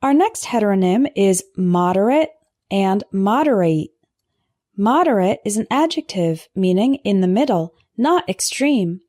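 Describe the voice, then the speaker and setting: A woman teaching English vocabulary in a scripted lesson, pronouncing word pairs slowly and carefully for learners to repeat. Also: medium pitch, lively intonation, warm tone, dry recording, studio quality. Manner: slow, careful pronunciation drills.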